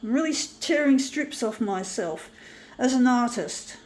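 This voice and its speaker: Upset lady talking to the camera, high voice, slow and shaky, faint noise behind her. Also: lively intonation, a little mellow. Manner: self-critical, repetitive, keeps saying folks. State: upset, shaky, on the verge of tears. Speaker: artist. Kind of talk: rambling monologue to camera.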